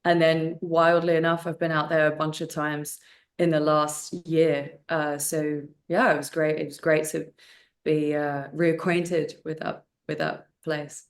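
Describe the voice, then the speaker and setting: A young woman, an actress and martial artist, chatting in an interview, animated with many fillers and restarts. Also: deep voice, measured pace. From United Kingdom. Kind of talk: casual interview chat.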